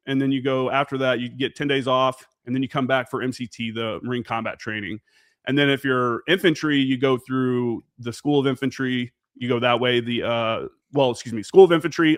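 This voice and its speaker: A man's voice: medium pitch, dry recording, clean studio sound. Profane storytelling man in his forties. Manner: profane, animated, acts out remembered dialogue. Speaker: podcast guest, Marine veteran. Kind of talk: casual storytelling interview.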